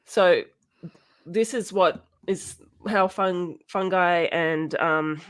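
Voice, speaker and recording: A woman hosting a casual educational chat, halting often with ums and restarts and laughing now and then. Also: lowish voice, smooth. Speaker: podcast host.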